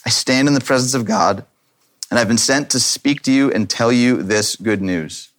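A man's voice: medium pitch, moderate pace, a bit bright. Conversational man preaching a sermon. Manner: conversational, repeats words when thinking aloud; reads scripture then comments casually. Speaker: pastor.

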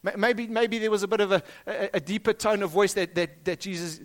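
South African male pastor, high-pitched, emphatic sermon delivery with repeated phrases. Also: brisk. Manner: emphatic, rising and dropping for stress, repeats phrases. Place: school hall.

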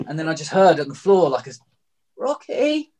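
A man's voice: on the high side, fast talker, darkish tone. A young man recounting a story in loose, blunt, casual talk, swearing freely and leaning on filler words. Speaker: guest telling a story.

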